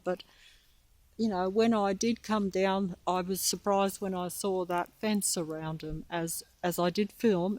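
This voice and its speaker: A woman's voice: mid-range voice, darkish tone, no echo, low-quality recording. A woman filming herself on a walk in a park, out of breath, rambling and trailing off as she talks into a handheld phone. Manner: trailing off, halting and restarting. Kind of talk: rambling walking commentary. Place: outdoor park.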